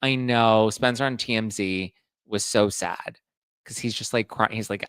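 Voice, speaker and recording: Male podcast host, casual and chatty gossip style, low gravelly tone, dry booth sound. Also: fairly even intonation, normal speed, a bit bright, no echo. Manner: chatty, reads audience comments aloud. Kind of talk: casual pop-culture gossip chat.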